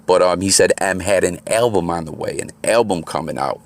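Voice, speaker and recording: A man's voice: low voice, a little fast. A man hosting his own channel, giving laid-back, slangy commentary while out moving around. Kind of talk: casual commentary. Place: outdoors on the move.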